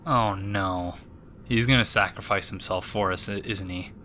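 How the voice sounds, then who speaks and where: A man chatting excitedly while playing a game, thinking aloud. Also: sits low, normal speed, slight background noise. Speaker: game player. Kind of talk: let's play commentary.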